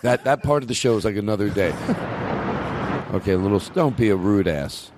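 A man's voice: on the low side, lively intonation, brisk, background noise. A man hosting a comedy podcast, riffing animatedly and laughing often. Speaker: podcast host. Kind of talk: casual comedy chat.

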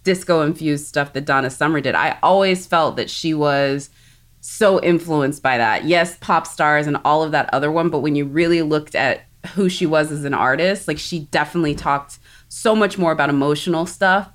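Woman from South Texas, low voice, podcast co-host, lively casual banter. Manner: animated, enthusiastic, quick asides. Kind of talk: casual chat.

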